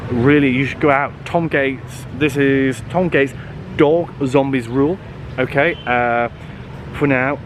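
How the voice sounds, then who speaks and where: A man reading a children's book aloud in a lively, playful way, adding little asides and the odd slip. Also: on the high side, slight background noise. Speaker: storybook reader.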